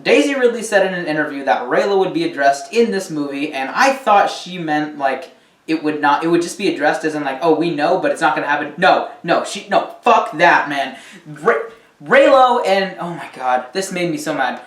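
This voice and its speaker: A man's voice: on the high side, lively intonation, moderate pace, a bit bright. A man ranting casually about a film, rambling with many ums and the odd swear word. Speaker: movie reviewer. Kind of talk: casual rant review. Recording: echoey room, distant mic.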